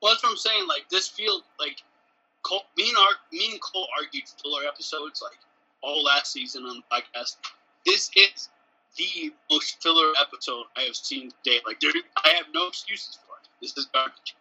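A man co-hosting a casual podcast chat, animated and laughing, often slipping into mocking voices. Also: fairly high pitch, normal speed, slightly rough, poor audio. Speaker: podcast co-host.

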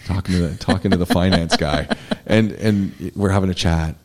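A middle-aged man with a fairly low voice chats casually as a podcast co-host. He tells anecdotes animatedly, jumping up in pitch to act out what others said, and laughs often. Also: normal speed. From Canada. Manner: animated storyteller, acts out others' lines with big pitch jumps, laughs often. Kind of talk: casual chat.

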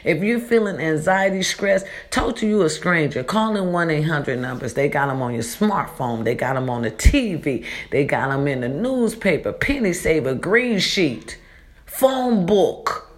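A woman's voice: low voice, animated, normal speed, hardly any pauses. A woman vlogger talking casually in an echoey borrowed room, giving chatty, preachy life advice and calling her listeners baby and y'all. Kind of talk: casual motivational monologue.

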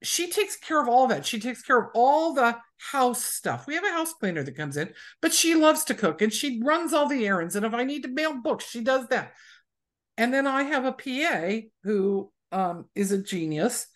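A woman's voice: fairly high pitch, very animated, moderate pace. A woman author chatting in an interview, telling anecdotes and acting out the people she quotes. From USA. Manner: chatty storyteller who acts out quoted people. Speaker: romance author, guest. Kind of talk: casual interview chat.

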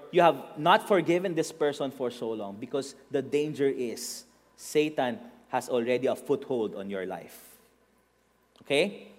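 High-voiced Filipino preacher in a reverberant hall. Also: male voice. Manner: switches between English and Tagalog, rising to shouts for emphasis. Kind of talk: sermon.

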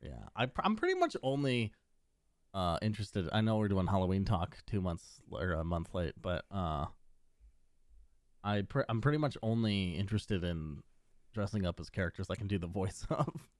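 A man's voice: low voice, sing-song, moderate pace, no room sound, clean studio sound. A man hosting a casual podcast, joking and rambling and swearing freely as he chats with his co-host.

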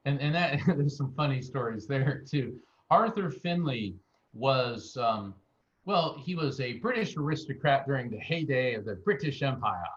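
With a mid-range voice and a moderate pace, this American guest medium tells interview anecdotes, animatedly impersonating the people he quotes. The audio comes across dull.

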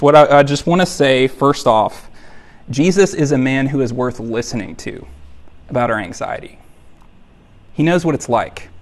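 A man preaching a sermon in a conversational, emphatic way, with fillers and repeated phrases. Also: mid-range voice. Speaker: pastor.

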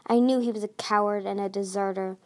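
A woman's voice: mid-range voice, steady tone, a little fast, darkish tone, lightly acted. A woman reading aloud, voicing a regal, emotional sea dragon queen who dotes on her daughters and threatens her enemies. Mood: menacing. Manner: gushing, doting, then menacing.

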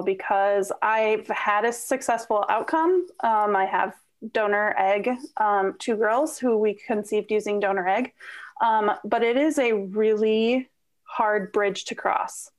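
Minnesota woman, high pitch, relaxed and frank interview guest who swears casually. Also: unhurried, poor audio. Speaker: podcast guest, donor conception coach.

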